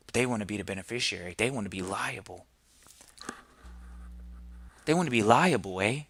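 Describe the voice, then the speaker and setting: A man's voice: lowish voice, expressive, normal speed, vocal fry, a bit bright, breathy edge. A man hosting a podcast, preaching emphatically in a long monologue and firing off rhetorical questions. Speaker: podcast host.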